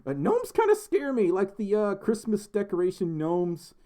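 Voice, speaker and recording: A man's voice: sits high, wildly swooping pitch, moderate pace, dark tone. A young man hosting a casual livestream, reading viewer messages aloud in a rambling, giggly way full of ums and restarts. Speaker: livestream host.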